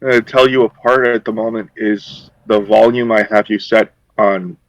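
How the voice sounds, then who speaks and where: A man's voice: on the low side, fairly even intonation, moderate pace, dry recording, muffled recording. A man playing an online tabletop game who talks hesitantly and apologizes often, over voice chat. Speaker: player.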